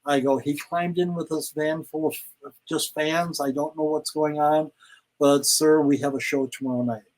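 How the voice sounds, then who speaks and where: An older man, a guest in a casual interview, telling stories in an animated way and acting out quoted lines. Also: a little high, normal speed, poor audio. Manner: animated storyteller, acts out quotes. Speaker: guest, retired pro wrestler.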